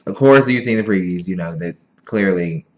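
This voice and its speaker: A man's voice: low voice, moderate pace. A man reviewing a movie in a casual, rambling chat, giggly and poking fun at himself. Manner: rambling, giggly, self-deprecating. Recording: dull lo-fi recording.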